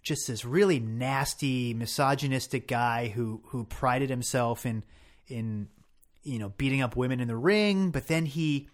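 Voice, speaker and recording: Male podcast co-host, mid pitch, casual and reflective, frequent restarts. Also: measured pace. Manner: thoughtful, restarts sentences often. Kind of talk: casual discussion.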